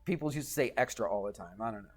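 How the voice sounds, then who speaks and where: A man's voice: fairly low pitch, animated, very fast. A man teaching a geometry lesson in a classroom, patient and chatty, often checking in with the students. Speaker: high school math teacher.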